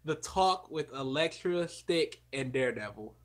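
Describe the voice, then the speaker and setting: A young man co-hosting a casual podcast chat, excitable and prone to sudden loud outbursts. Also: a little high, unhurried. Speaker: podcast co-host.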